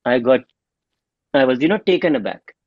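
A man's voice: mid-range voice, normal speed, no room sound. Man telling his story, lo-fi. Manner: animated, acts out quoted dialogue. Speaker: homeopath guest. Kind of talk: storytelling interview. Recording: dull lo-fi dry sound.

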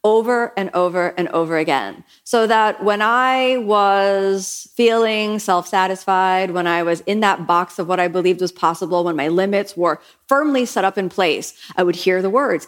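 A middle-aged woman teaching yoga, speaking in an earnest, reflective way and acting out her own past thoughts in lively quoted lines. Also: medium pitch, moderate pace, few pauses. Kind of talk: motivational talk.

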